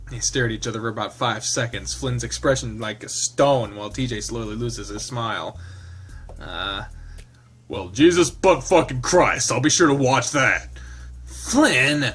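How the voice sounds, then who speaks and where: A man's voice: medium pitch, measured pace, long pauses, a bit bright, faint music behind. A man reading a visual novel aloud, mixing the narration with casual, laughing asides and the odd swear.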